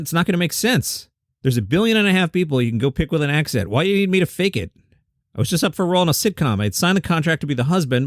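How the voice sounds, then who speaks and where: A man's voice: a little high, dry recording, clean studio sound. A man hosting a comedy news roundup, reading out quotes and adding wry, sarcastic asides.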